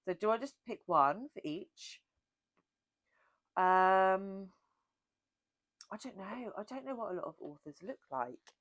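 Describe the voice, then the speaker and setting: A woman's voice: medium pitch, expressive, slow pace, pauses often, a bit bright, no room sound. A woman hosting a book channel, chatting casually and self-mockingly through a Q&A. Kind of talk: casual Q&A chat.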